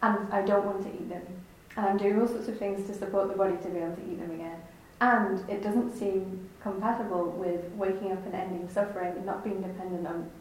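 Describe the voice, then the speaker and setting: A woman asking a teacher a personal spiritual question, earnest and self-reflective. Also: medium pitch. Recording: echoey hall, faint noise.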